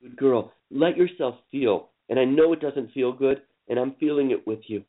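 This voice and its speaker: Man, forgiveness coach, slow soothing repetition, tinny phone line, mid-pitched voice. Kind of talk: guided emotional healing session.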